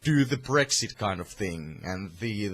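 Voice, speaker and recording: A man's voice: on the low side, expressive, unhurried, fairly bright tone. A man from Finland with a Finnish accent, delivering a heated, profane political rant to camera with many restarts. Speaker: vlogger.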